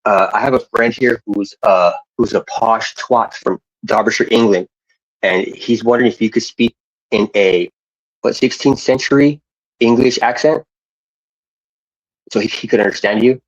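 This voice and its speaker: A man's voice: on the low side, moderate pace, no echo, muffled recording. A man chatting casually into earphones, stumbling and restarting his questions and swearing offhand. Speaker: streamer. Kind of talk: casual chat.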